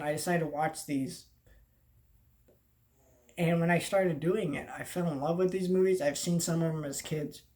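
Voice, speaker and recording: A young adult film vlogger talks casually to the camera, rambling and halting, often trailing off and restarting, yet sounding earnest and heartfelt. The voice is medium-pitched and a little mellow, with faint noise in the background.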